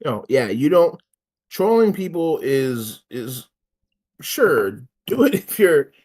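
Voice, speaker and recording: A man's voice: on the high side, slow pace. A man in casual conversation, ranting with lots of swearing and laughter. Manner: profane, animated ranting with laughs. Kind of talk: casual chat.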